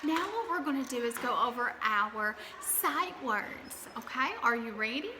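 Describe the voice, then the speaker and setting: A woman teaching a kindergarten class, drawing out letters and words slowly and cheering the children on. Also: a little high, lively intonation, noisy background. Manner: slow and drawn out when spelling, encouraging. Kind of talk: slow, clear classroom lesson.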